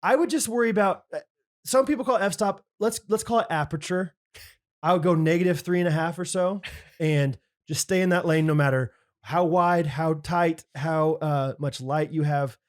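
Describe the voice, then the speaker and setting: A man in his thirties co-hosting a podcast, telling a camp story in casual chat and acting out the quotes loudly. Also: a little high, moderate pace. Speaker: podcast co-host.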